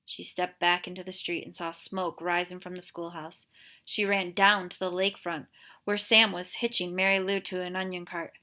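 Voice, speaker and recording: A woman teacher reading a novel aloud chapter by chapter, in a clear, steady storytelling voice. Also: lowish voice, normal speed. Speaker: reader, teacher.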